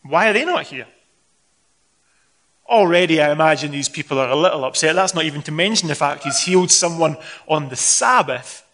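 A Scottish preacher with a fairly high voice delivering a sermon. He talks to the congregation conversationally and acts out scenes with lively expression. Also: fast, hardly any pauses. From Scotland.

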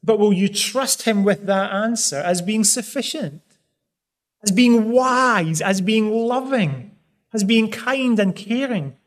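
High-voiced man preaching earnestly. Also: lively intonation, slow pace. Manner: earnest, pleading, rising emphasis on key phrases. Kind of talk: sermon.

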